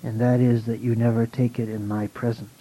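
A man voicing a kindly, patient old spiritual master in a read-aloud story, calm and softly amused. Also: mid-range voice, brisk, natural voice. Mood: kindly firm. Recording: dull lo-fi recording.

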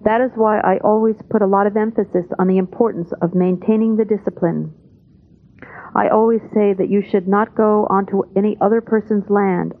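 A woman gives a steady spoken translation of a spiritual talk, calm and measured, her pitch in the ordinary middle range for a woman. The sound is thin and narrow, like an old tape heard over a phone line.

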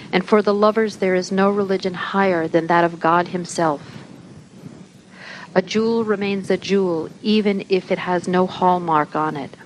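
A woman's voice: lowish voice, a little hiss or hum, natural voice, rough recording. A woman reading as the solemn voice of God. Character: divine voice of God, patient and reproving.

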